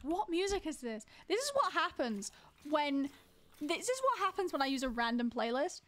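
A woman's voice: sits high, big pitch swings, normal speed, a bit bright. A woman streaming a game live, chatting casually with viewers and teasing them as she plays. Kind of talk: casual live-stream chat while playing.

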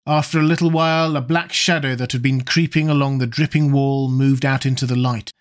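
A man narrating a classic novel in a measured, dramatic audiobook reading. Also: medium pitch, fairly even intonation.

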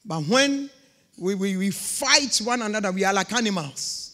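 A woman's voice: medium pitch, expressive, moderate pace, bright, forceful tone. A woman pastor preaching a sermon with emphatic, repeated phrases. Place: church. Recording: long reverb of a church hall.

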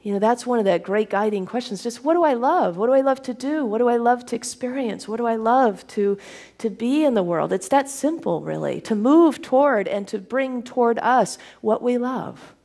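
A woman's voice: fairly high pitch, lively intonation, moderate pace. Woman minister preaching a sermon. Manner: warm, laughing, conversational preaching.

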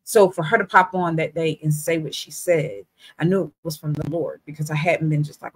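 Husky woman sharing a faith testimony. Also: low voice, fairly quick, dry recording. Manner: candid, conversational, lively storytelling. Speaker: Christian beauty vlogger.

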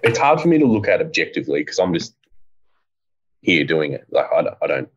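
A low-pitched man in relaxed podcast chat. He rambles with plenty of fillers and swears offhandedly. The audio sounds muffled and lo-fi. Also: fairly quick, slightly rough. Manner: rambling, laid-back, swears casually. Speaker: co-host, bike part designer.

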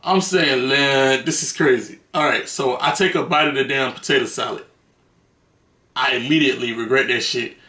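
A man's voice: mid-range voice, normal speed, bright, forceful tone. A man telling stories to the camera in a casual, slangy, profane way, laughing between them. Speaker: vlogger. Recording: roomy echo.

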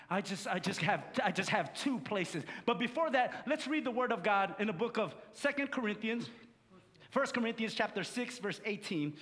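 A pastor from Samoa, preaching a sermon with animated storytelling and calling out to the congregation. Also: male voice, high voice. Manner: animated storytelling with audience call-and-response. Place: church sanctuary. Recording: long church-hall reverb.

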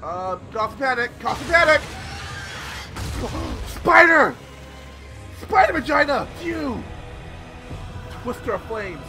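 A young man giving excitable, swear-filled commentary while playing a video game. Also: very high-pitched, takes it slowly, pauses often, low-quality recording. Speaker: let's play gamer. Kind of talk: live gameplay commentary. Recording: loud game music behind voice. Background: game music.

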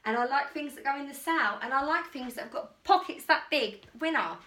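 Bright, chatty woman, a vlogger rambling happily through a try-on haul. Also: sits high, animated, a little fast. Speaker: fashion vlogger. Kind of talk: casual try-on haul chat.

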